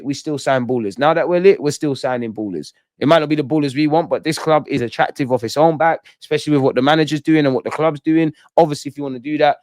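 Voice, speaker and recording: A young man hosting a casual football fan commentary show, talking in a blunt, excitable way full of slang. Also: fairly high pitch, no echo, studio quality. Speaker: football channel host.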